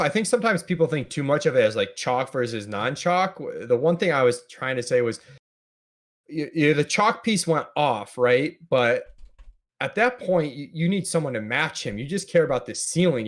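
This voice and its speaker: A man's voice: medium pitch, lively intonation, moderate pace. A man guesting on a casual podcast chat, explaining strategy in an analytical way with frequent restarts.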